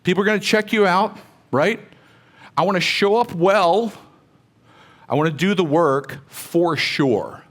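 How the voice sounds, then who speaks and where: A man's voice: high voice, measured pace, long pauses. A middle-aged man speaking to a room of real estate agents, telling personal stories in a conversational, motivational way and asking the audience questions.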